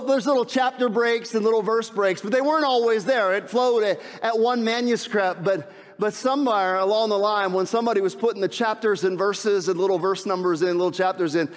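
A man preaching a sermon as pastor, swinging from urgent, loud appeals to hushed, slow emphasis and repeating key phrases. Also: fairly high pitch. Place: church sanctuary. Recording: long hall reverb.

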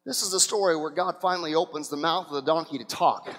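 A man's voice: a little high, quick pace, a bit bright, in a large hall. A male pastor preaching an impassioned sermon who acts out the scenes he retells.

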